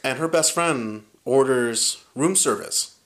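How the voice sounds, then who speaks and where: A man's voice: medium pitch, slow pace. Man telling a story, casual and profane. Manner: animated, profane, acts out quoted lines.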